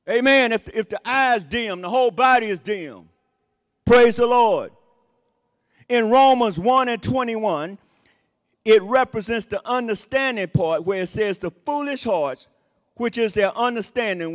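A man preaching a sermon as associate pastor, repeating his points with emphasis and breaking in with "Amen" and "Praise the Lord.". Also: high-pitched. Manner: repetitive emphatic phrasing. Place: church sanctuary. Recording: long reverb of a church hall.

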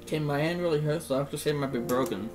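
A man's voice: on the high side, racing, music in the background, low-quality recording. A man reacting emotionally to a visual novel while playing, teary-eyed, swearing and repeating himself as he fights back tears. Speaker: game streamer. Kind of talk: emotional let's-play reaction.

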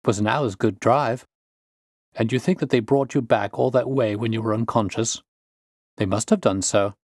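A man's voice: medium pitch, normal speed, a little mellow, slightly rough, dry recording, studio quality. A man reading the part of a shaken, earnest young engineer in a storybook tale.

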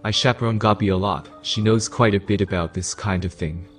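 A man's voice: on the low side, a little fast, soft background music, close to an everyday voice. A man voicing a stern but caring female schoolteacher in a spoken story.

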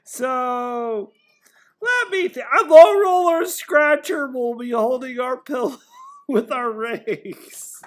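A man's voice: extremely high pitch, expressive, extremely slow, long pauses. A man chatting casually while scratching lottery tickets at home, constantly breaking into laughter. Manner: giggly, keeps breaking into helpless laughter.

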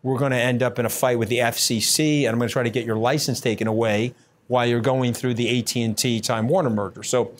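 A brash man gives blunt, combative answers in an interview. His voice sits at an everyday middle pitch and he talks in uneven bursts, full of fillers and restarts. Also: fairly even intonation, fast. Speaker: interview guest.

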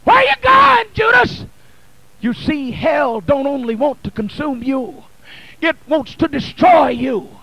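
Man, Pentecostal bishop, rhythmic shouted preaching, drawn-out slow phrases, very high voice. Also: gravelly, dry recording. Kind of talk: Pentecostal sermon. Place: church sanctuary. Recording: archival 1980 church recording, distant in spots.

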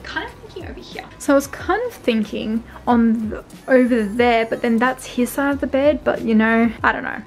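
A young woman, a fashion vlogger, chatting excitedly in her bedroom with lots of fillers. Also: on the high side, moderate pace, hardly any pauses. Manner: gushing, filler-heavy, excitable. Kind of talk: casual vlog chat. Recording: echoey room, far from mic, music behind.

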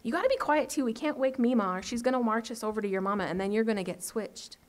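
Woman doing an eerily calm bossy girl. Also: on the high side, fast talker, lightly acted. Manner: matter-of-fact, hushed, bossy. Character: eerie, bossy little girl, unsettlingly calm.

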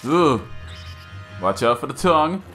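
A man's voice: a little high, sing-song, unhurried, bright, forceful tone, soft background music. Chatty man commenting on a boss fight. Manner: chatty, self-deprecating, coaching himself aloud. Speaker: gaming channel host. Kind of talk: casual let's-play commentary.

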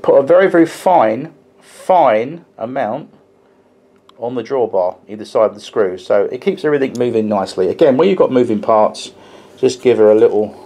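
A man's voice: lowish voice, dark tone. A man reviewing a model locomotive in a casual, chatty way, with frequent ums and restarts as he explains details hands-on.

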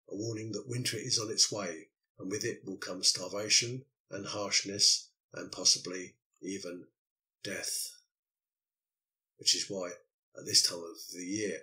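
An older podcast host muses through a loosely scripted monologue, dropping in the occasional filler. His voice is a little low but strikingly bright and forceful, with a steady tone and measured pace. The recording is rough.

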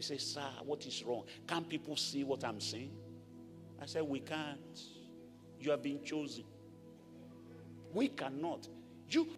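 Nigerian-born pastor preaching in an echoey hall. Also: male voice, a little high. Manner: animated preaching, shouting blessings over a congregation. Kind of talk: sermon. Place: large church hall. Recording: echoey church hall with music.

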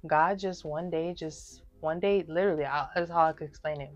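A young woman with a low voice tells her testimony in an earnest, emphatic, casual way, speaking straight to the viewer. The audio is slightly dull and lo-fi, with soft music underneath. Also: fairly even intonation, a little fast. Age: early 20s. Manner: emphatic, talks straight to viewers with many fillers. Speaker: vlogger sharing her testimony.

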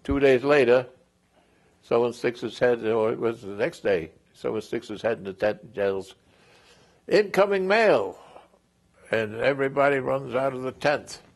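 A man's voice: mid-range voice, normal speed, gravelly. A man in his eighties telling a veteran's war memories in an oral history interview, rambling and chuckling with many restarts. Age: 80s.

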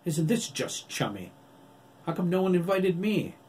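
A man's voice: lowish voice, animated, moderate pace, a little mellow, lightly acted. A man voicing a cocky, flippant young man with a sarcastic, brash manner, recorded from a distance with faint noise behind.

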